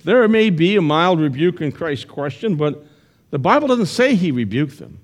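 A male pastor preaching a sermon to his congregation in church, retelling a story with shifting pace and loudness. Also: on the high side, very animated, normal speed.

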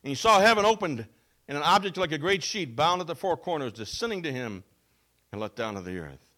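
A man preaching a sermon as a pastor. He reads scripture and explains it with emphasis, going from loud to soft. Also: fairly high pitch, sing-song, a little fast. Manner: emphatic, with wide swings between loud and soft.

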